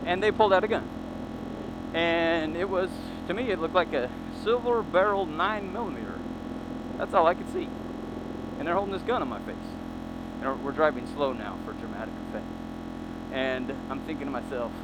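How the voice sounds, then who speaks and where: A fairly high-pitched, expressive man speaks at a normal speed with long pauses as he tells a rambling story, fixing his words along the way. He's a motovlogger riding a forest trail on his motorcycle, filmed by a helmet camera, and engine and wind noise fill the recording.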